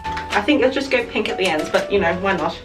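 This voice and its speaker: A woman's voice: mid-range voice, animated, brisk. Australian woman vlogger, chatty and self-correcting, echoey home room. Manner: chatty, rambling, corrects herself mid-sentence. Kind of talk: casual chat to camera. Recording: roomy echo, mic at a distance, music behind. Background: music.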